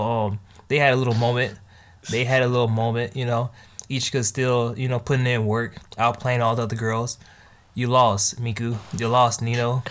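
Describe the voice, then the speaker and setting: Animated man reviewing anime. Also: mid-range voice. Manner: animated, slangy, laughing often. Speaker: host. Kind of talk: casual anime review chat.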